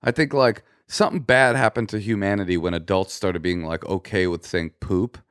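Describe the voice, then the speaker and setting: A man's voice: sits low, fairly even intonation, normal speed, fairly bright tone, clean tone, no echo, clean studio sound. A man co-hosting a comedy relationship podcast, chatting casually and telling rambling jokey stories. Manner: rambling, joking storyteller. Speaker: podcast co-host.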